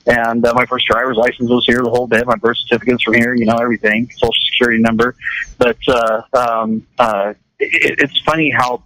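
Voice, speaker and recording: A man's voice: medium pitch, little pitch movement, brisk, fairly bright tone, dry recording, rough recording. A man from California chatting casually on a radio show, rambling with lots of restarts and repeated words.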